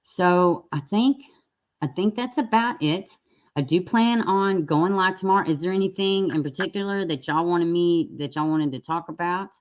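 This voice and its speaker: Chatty low-voiced woman streamer. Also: moderate pace. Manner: chatty, laughs often, folksy, affectionate toward viewers. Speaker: true crime live streamer. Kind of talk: casual live stream chat with viewers. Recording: slightly dull lo-fi sound.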